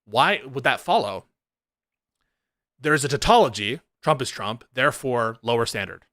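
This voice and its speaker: A man's voice: medium pitch, animated, normal speed, fairly bright tone, no room sound. Sarcastic argumentative man, dry sound. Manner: sarcastic, argumentative, laughing at clips. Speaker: political commentator reacting to clips. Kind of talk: casual reaction commentary.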